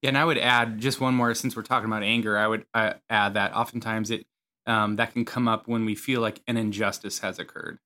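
Man, bright lowish voice, therapist co-host, thoughtful casual talk. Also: fairly even intonation, a little fast. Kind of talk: casual conversational explaining.

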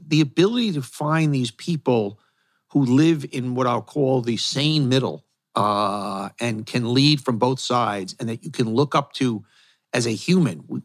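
A man hosting an interview, asking long questions in an earnest, halting way. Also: mid-range voice. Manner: earnest, halting, searching for words. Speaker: host, interviewer.

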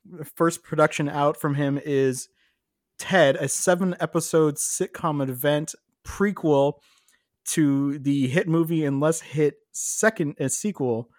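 A man co-hosting a podcast, chatting casually with a joking, sarcastic tone. His voice sits a little higher than most men's, and the sound is dry and close. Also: slow pace, no echo. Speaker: podcast co-host. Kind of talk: casual chat.

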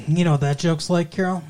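A man's voice: a little high, darkish tone. Joking man co-hosting a podcast. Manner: joking, tells crude jokes and laughs often. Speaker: podcast co-host. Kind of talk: casual podcast chat.

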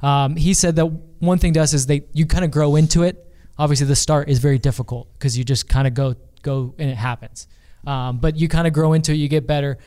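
A man's voice: on the high side, steady tone, a little fast, warm tone. A man co-hosting a soccer talk show, emphatic and casual, often starting with "look". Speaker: co-host and team reporter. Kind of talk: casual sports chat.

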